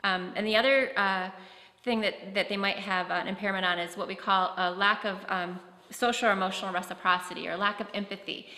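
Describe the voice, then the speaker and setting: A woman's voice: medium pitch, steady tone, brisk, sharp tone. A woman giving a conference talk, conversational, with frequent fillers and restarts. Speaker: presenter on autism. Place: conference hall. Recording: echoey hall with long reverb.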